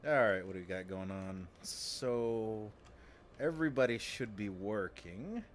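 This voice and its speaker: A man casually commenting while he plays a game on stream, sometimes dropping into a low, menacing voice. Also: measured pace, a little hiss or hum. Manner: low, muttered mock-villain asides.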